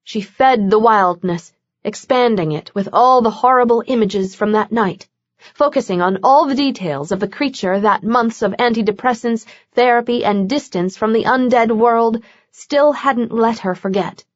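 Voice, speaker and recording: A woman's voice: fairly high pitch, normal speed, no room sound. Woman narrating a novel, dull dry audio. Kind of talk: scripted narration.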